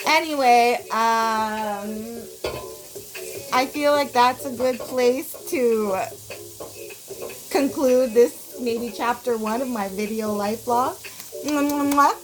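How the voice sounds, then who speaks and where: A woman's voice: on the high side, steady tone, takes it slowly, rough recording. Canadian woman in her 40s vlogging, swears a lot, rambles about growing up, lots of likes and ums. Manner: profane, blunt storytelling with lots of fillers. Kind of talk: casual storytelling vlog.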